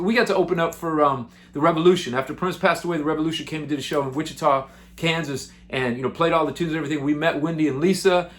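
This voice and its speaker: A male musician with a fairly high voice tells road stories to the camera. His delivery is loose, excitable and chatty, often rising with enthusiasm. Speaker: musician and show host. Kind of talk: casual storytelling to camera.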